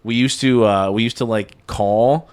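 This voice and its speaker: A man's voice: mid-range voice, measured pace, clean tone. A man telling a story in casual chat, acting out quotes and swearing often. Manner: animated, acts out quotes, heavy swearing.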